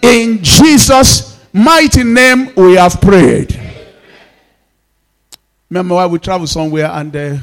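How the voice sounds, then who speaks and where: A man's voice: sits high, takes it slowly, pauses often. A male pastor with a Nigerian Yoruba accent, leading a fervent prayer sermon in repeated commands and switching between English and Yoruba. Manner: declaring prayers in repeated commands, now and then shouting.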